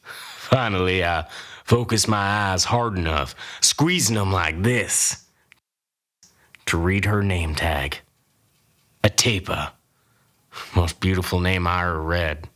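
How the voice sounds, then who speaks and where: A man's voice: low-pitched, slow, pauses often, fairly bright tone. A man playing a boastful grizzled old cowboy. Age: older. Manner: folksy, boastful, rambling. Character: grizzled old cowboy spinning tall tales. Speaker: storyteller. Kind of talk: comic tall-tale narration.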